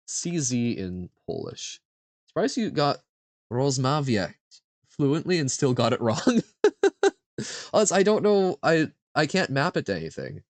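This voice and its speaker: A young man streaming a vocabulary quiz, slowly sounding out foreign words, guessing aloud and laughing at himself. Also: medium pitch, no echo. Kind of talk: casual live-stream chat while playing a vocabulary quiz.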